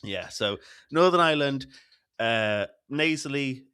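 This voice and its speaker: A man's voice: medium pitch, lively intonation, unhurried, pushed and bright, clear, resonant tone, no echo. Brit man, podcast cohost, laughs a lot, self-deprecating, dry close sound. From Great Britain. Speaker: podcast co-host. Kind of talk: casual chat.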